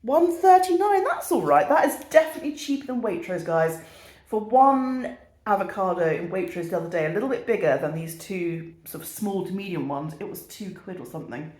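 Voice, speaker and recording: A woman's voice: medium pitch, animated, brisk, a little mellow, reverberant. A woman in her thirties with a British accent, chatting casually through a shopping haul in a self-mocking, easily sidetracked way. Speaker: vlogger.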